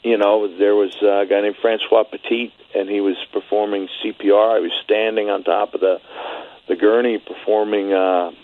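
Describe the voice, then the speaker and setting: A middle-aged man telling a story as an interview guest, halting with many restarts. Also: lowish voice, flat delivery. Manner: halting, many restarts, grows quiet and shaky when emotional. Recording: phone-line audio.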